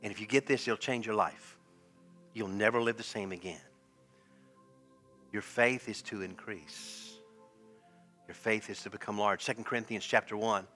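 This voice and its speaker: A middle-aged man preaching a sermon as pastor, animated and laughing often, swinging from loud exclamations to hushed, quiet lines. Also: on the low side, normal speed, pauses often, soft background music.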